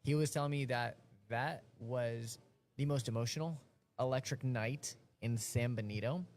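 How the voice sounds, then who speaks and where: A man's voice: medium pitch, normal speed, a little mellow. A man from the Rio Grande Valley hosting a casual radio chat, upbeat and supportive. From Rio Grande Valley, Texas. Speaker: radio host.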